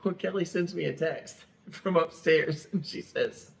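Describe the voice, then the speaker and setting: A man's voice: a little high, measured pace, vocal fry, a little hiss or hum. A middle-aged man, a pastor co-hosting a podcast, telling stories in a plain, straightforward way and laughing easily. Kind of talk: casual chat.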